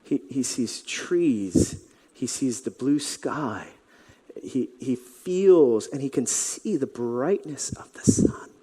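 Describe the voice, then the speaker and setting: A pastor telling a scripture story in a sermon, dramatic and dropping to a whisper at times. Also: male voice, medium pitch, expressive, slow, dark tone, slightly rough. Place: church sanctuary. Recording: reverberant church hall.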